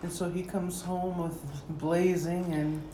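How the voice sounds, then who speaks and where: A woman asking short follow-up questions in casual chat, speaking quietly. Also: lowish voice, little pitch movement, slow pace, slight background noise. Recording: distant voice in echoey room.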